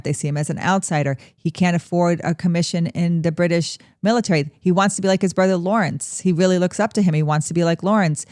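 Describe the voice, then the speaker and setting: A woman's voice: on the low side, darkish tone, no room sound, studio quality. A woman co-hosting a history podcast, explaining events in a casual, storytelling way.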